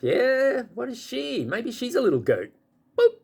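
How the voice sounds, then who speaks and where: A man's voice: normal speed, creaky, slightly rough. A man in his fifties or older, talking to the camera in a rambling, casual monologue and chuckling as he goes. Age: 50s or older. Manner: rambling, chuckling, pitch jumping up when excited. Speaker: vlogger.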